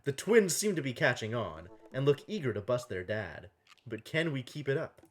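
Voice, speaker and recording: A man playing a story game aloud, reading narration and dialogue with animated delivery and frequent laughter. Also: moderate pace. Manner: animated, laughing often, jumps into higher voices for characters. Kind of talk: casual game playthrough with read-aloud voices.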